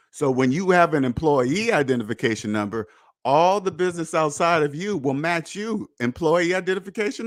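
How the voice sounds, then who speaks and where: A man hosting a personal finance podcast in an emphatic, preachy monologue, repeating points and swearing, swinging between loud jabs and low muttered asides. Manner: emphatic, preachy, repetitive, with profanity. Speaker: podcast host.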